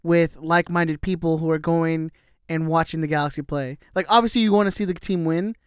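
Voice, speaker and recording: High, smooth-voiced man chatting. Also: fairly even intonation, fairly quick, no echo, studio quality. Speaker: podcast co-host. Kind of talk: casual chat.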